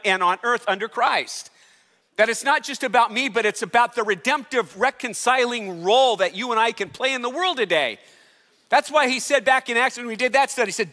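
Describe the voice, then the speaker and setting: A man's voice: high voice, bright, forceful tone. A man preaching a sermon as pastor, emphatic and conversational, with rising calls to the congregation. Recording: hall reverb.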